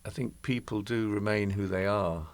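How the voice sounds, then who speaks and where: A man's voice: on the low side, fairly even intonation, moderate pace. A man in his sixties, a guest in a conversational interview, telling anecdotes in a reflective way.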